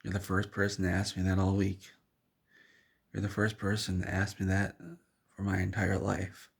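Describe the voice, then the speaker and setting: A man's voice: low-pitched, monotone, normal speed, gravelly, husky, full character voice. A man voicing a sad, heavy-set sideshow man billed as half cat, half man, in a spoken story. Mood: mournful.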